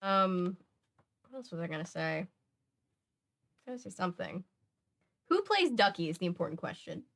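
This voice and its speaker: A woman's voice: on the low side, big pitch swings, moderate pace, pauses often, fairly bright tone. Chatty woman in her twenties. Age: 20s. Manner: rambling, chatty, self-interrupting. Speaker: livestream host reading a book aloud. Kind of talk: casual livestream chat.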